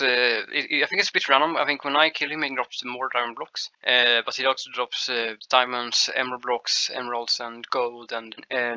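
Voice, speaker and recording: A man talks through gameplay in a casual commentary, with a very bright, sharp tone. His explanations ramble and stall, often restarting mid-sentence. His pitch sits at an ordinary middle level for a man. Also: rough recording. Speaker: gameplay showcase host.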